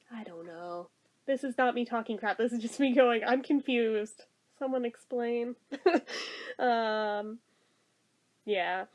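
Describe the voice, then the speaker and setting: A woman's voice: fairly high pitch, darkish tone. A woman vlogger in a casual chat, self-deprecating and giggly as she talks about her day.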